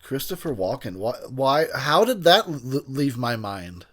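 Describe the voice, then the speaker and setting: Tipsy, a film commentator talks over a movie in loose, rambling casual commentary, swearing freely, laughing a lot and breaking off mid-sentence when names escape him. His middle-pitched voice is sing-song, unhurried and a bit bright.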